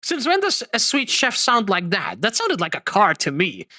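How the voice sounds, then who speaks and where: A man hosting a livestream, reacting to clips with expressive, mock-outraged chatter. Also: high-pitched, normal speed, no echo. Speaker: streamer host.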